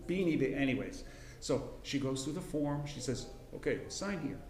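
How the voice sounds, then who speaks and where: A middle-aged man teaching a casual Bible class, folksy and rambling, with frequent restarts and throat clearing. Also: mid-range voice, animated, normal speed, a little mellow, reverberant. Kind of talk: casual Bible lesson with personal story. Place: church classroom.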